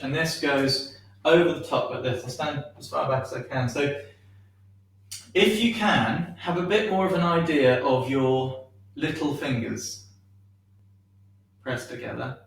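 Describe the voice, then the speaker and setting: Male shiatsu teacher, slow and gentle, echoey room, distant mic. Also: a little high, a little hiss or hum. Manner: gentle, unhurried guiding with many ums. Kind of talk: guided movement class.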